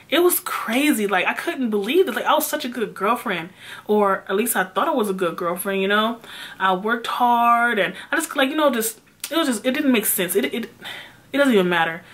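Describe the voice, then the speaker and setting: A young woman vlogger retelling a personal story in an animated, emphatic way, swearing often. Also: medium pitch. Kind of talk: storytime vlog.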